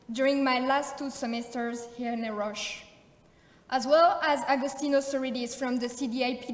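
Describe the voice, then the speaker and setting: A woman in her twenties from France with a French accent, giving a formal valedictorian speech at a graduation. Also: high-pitched. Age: 20s. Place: large ceremony hall. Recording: echoey hall, distant mic.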